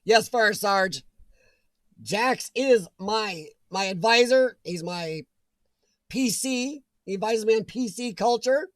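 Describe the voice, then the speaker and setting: High-voiced chatty man hosting a stream. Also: animated, slow pace, no echo. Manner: chatty, laughs often, jokes with viewers. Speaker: livestream host reading chat. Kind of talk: casual chat.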